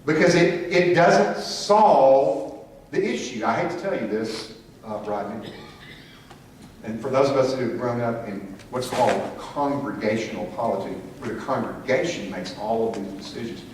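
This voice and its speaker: A man's voice: mid-range voice, expressive, moderate pace. A man teaching a church class who asks the group questions and calls on people by name. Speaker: Sunday school teacher. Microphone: room mic from a distance. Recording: echoey room from far off, faint hiss.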